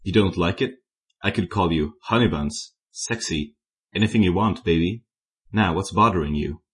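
Tall male zombie smoker, deep voice, teasing and suggestive, a man reading it. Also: normal speed, a bit bright.

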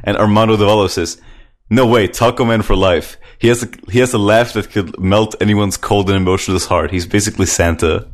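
A man's voice: lowish voice, fairly even intonation, a little fast. A man hosting a casual group podcast, reading out listener comments and chatting with laughs. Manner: reads comments aloud, drifts into laughter.

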